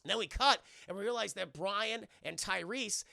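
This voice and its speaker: This is a high-pitched man with a very gravelly, fry-laden voice and a bright, forceful edge, rambling through a film recap on a live stream. He swears freely and keeps breaking into acted-out quotes. The sound is dry and close to the mic. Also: normal speed, dry recording. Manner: rambling, profane, laughing often and acting out quotes.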